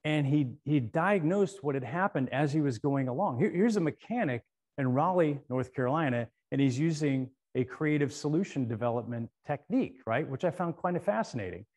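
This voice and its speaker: A middle-aged man speaking at a conference, telling a story in an animated way and often repeating words as he gets going. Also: on the high side, fairly quick. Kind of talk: storytelling keynote talk.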